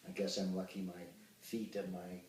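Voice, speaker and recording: A man in his sixties, an actor telling expressive anecdotes with hesitant fillers in an interview. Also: low voice, normal speed. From Ottawa, Canada. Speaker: actor and puppeteer, interview guest. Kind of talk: reminiscing interview. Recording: roomy sound, distant from the mic.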